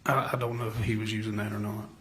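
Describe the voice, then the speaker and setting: A man's voice: fairly low pitch, level tone, quick pace, fairly bright tone, slight background noise. Man giving guarded courtroom testimony. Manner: guarded, careful answers. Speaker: police investigator testifying as witness.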